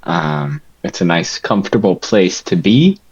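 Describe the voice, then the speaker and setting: A man's voice: deep voice, sing-song, unhurried, gravelly, husky, lo-fi sound. A man playing a tabletop game, describing his character's thoughts hesitantly, searching for words. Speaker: player.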